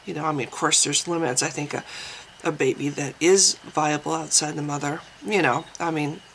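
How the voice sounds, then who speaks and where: A woman vlogger talks through her thoughts in a relaxed, unscripted way, pausing and restarting often. Her voice has a bright, sharp edge with a gravelly fry. A faint hiss of noise sits behind her. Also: sits low, poor audio. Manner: hesitant, thinking aloud with many restarts and ums. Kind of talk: casual spoken commentary.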